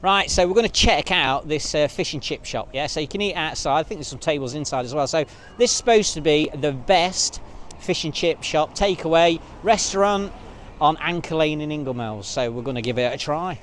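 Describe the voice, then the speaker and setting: A chatty man with a slightly high voice, vlogging casually to a handheld camera outdoors. He rambles with lots of filler words while faint street and traffic noise hums behind him. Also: lively intonation, fairly quick, a bit bright. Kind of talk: casual walking vlog. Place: outdoors at a seaside resort street.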